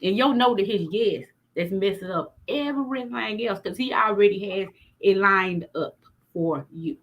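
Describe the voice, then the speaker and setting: A middle-aged woman host talking faith in a husky, breathy voice. She speaks frankly and plainly and preaches as she goes, at a middle pitch. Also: normal speed, dull audio. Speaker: podcast host. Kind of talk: faith-based conversation.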